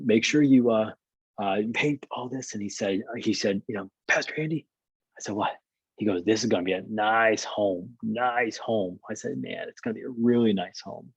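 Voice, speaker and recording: Male pastor, storytelling, repeats himself. Husky, mellow tone, muffled dry call audio. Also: lowish voice, no room sound. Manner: rambling, repeats words and restarts. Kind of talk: storytelling in a video call interview.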